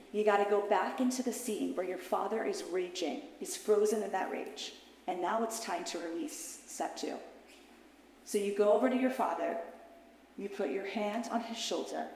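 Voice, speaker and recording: A woman mentor telling an intense story to a live audience, her voice moving from hushed to loud and high. Her pitch sits in the middle. The sound rings through a large, very echoey hall with a long tail of reverb. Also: a little hiss or hum. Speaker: mentor and teacher. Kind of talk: emotional storytelling talk to an audience.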